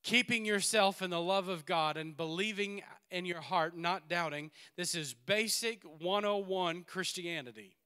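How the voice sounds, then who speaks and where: Bright-voiced man preaching a lively sermon. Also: sits high, a little slow, hardly any pauses, clear, resonant tone. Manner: animated, swings between loud exhortation and quiet asides, laughs often. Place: church sanctuary.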